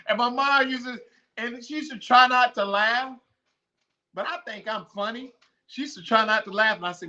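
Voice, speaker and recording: Middle-aged male podcast host: loose, slangy storyteller who laughs a lot, with a forceful, bright voice on a dull, lo-fi recording. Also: high voice, expressive, moderate pace. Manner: laughs often, repeats himself, slangy and playful. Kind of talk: casual storytelling monologue.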